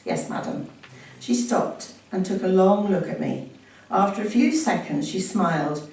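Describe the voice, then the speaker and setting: A woman reads a family story aloud from a book, pausing now and then to chat, laugh and correct herself. Her mid-range voice is a little mellow, with lively intonation and a moderate pace. She is heard from some distance in a very echoey room over a faint background hum.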